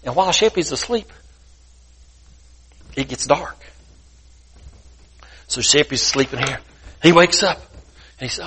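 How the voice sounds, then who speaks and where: A man's voice: medium pitch, animated, measured pace, long pauses, fairly bright tone. A man preaching as a guest speaker, telling a folksy parable in a colloquial, homespun way. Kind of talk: sermon storytelling.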